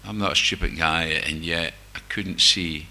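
A man's voice: sits low, steady tone, measured pace, sharp tone. An older man with a Glasgow-area Scottish accent, candidly telling a group his own recovery story with wry, self-mocking humor. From Scotland, near Glasgow. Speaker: speaker sharing recovery story. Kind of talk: personal testimony to a group.

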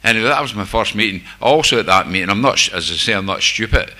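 A man's voice: fairly low pitch, lively intonation, fast talker, pushed and bright. An older man with a Glasgow-area Scottish accent, candidly telling a group his own recovery story with wry, self-mocking humor. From Scotland, near Glasgow. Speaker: speaker sharing recovery story. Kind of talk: personal testimony to a group.

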